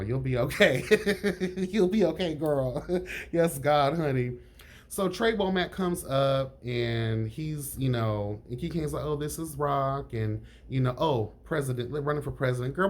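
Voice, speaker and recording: A man reviewing a reality show in casual chat, sassy and frank, calling everyone honey and girl, his pitch jumping up on emphasis. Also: a little hiss or hum. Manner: lively pitch jumps on emphasis.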